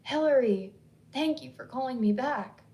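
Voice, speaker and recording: A woman voicing an insistent Southern woman with a Southern accent, who stays calm while she presses hard. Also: on the high side, normal speed, distant mic, lightly acted. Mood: urgent, insistent. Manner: calm but pressing, pleading.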